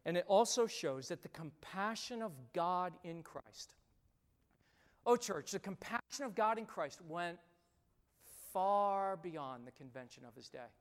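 Animated preacher in a reverberant church. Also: medium pitch, unhurried. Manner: animated, emphatic repetition, addresses congregation directly. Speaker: pastor. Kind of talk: sermon. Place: church sanctuary. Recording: long reverb of a large church hall.

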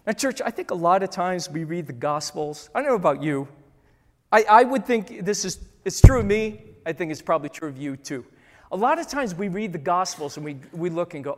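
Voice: medium pitch, animated, a little fast, long reverb tail. A pastor delivering a sermon to a congregation, repeating key lines and acting out the voices in the stories he tells.

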